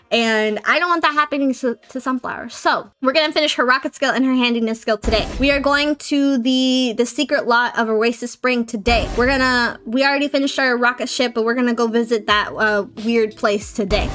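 A woman with a somewhat high, slightly bright voice streams gameplay with casual let's-play commentary. She chats with viewers and playfully scolds her game characters.

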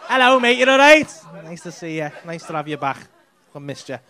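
Cheeky swearing stand-up comedian. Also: male voice, fairly high pitch, very animated, a little fast, pushed and bright, a little hiss or hum. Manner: cheeky, teasing, swears a lot. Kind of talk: crowd work banter. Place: comedy club stage with live audience. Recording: live club audience.

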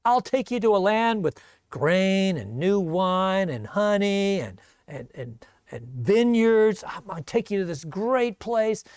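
A swaggering, bullying army commander jeers and threatens in a raised, gravelly voice, as a preacher puts him on. The sound is close and dry. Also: male voice, sits high, expressive, brisk, no echo. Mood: coaxing. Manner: mocking, bullying. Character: boastful threatening male enemy army commander.

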